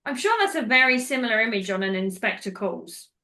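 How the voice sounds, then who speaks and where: Bright, animated woman chatting. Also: a little high, fairly quick. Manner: rambling, animated, goes off on tangents. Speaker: podcast host. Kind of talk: casual chat recapping a film.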